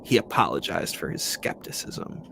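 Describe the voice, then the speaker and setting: A man's voice: normal speed, a bit bright. Guy reading a ghost story on a podcast, keeps swearing and laughing at it, bit of noise in the background. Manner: profane, laughing asides. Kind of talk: casual chat, reading aloud with asides.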